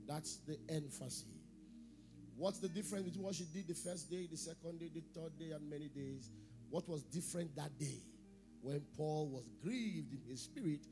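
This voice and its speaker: A middle-aged man preaching a sermon as pastor, asking the congregation questions, repeating phrases, and swinging between loud emphasis and quiet asides. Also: fairly high pitch, a little slow, over music.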